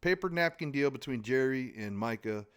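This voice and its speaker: Man, podcast host, joking, folksy manner, casual chat, medium pitch. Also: animated, moderate pace, smooth. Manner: joking, folksy, lots of restarts.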